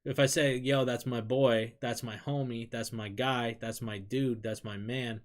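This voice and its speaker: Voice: medium pitch, steady tone, unhurried. An adult with an American accent chatting casually on a live stream, candid and rambling, swearing freely and laughing often while reading chat.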